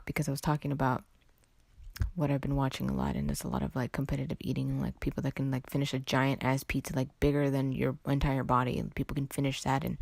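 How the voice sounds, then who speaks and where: Her bass voice is gravelly and darkish, captured on a dry recording with clean studio sound. She's a young woman from California hosting a casual solo podcast, chatty, rambling, and a little under the weather. She keeps breaking her own thoughts with "like" and "anyway."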